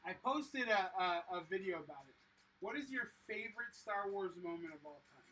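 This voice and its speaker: A livestream host chatting casually while building a set and answering viewers, excitable and enthusiastic, with lots of fillers. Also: mid-range voice, moderate pace. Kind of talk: casual chat reading viewer comments. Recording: slightly distant mic with faint noise.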